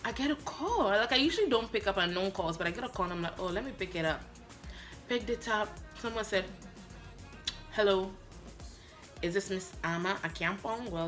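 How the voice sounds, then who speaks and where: A woman from Africa telling a story in a lively vlog, acting out both sides of her phone calls. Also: mid-range voice, moderate pace, pauses often, soft background music. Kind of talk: animated story-time vlog.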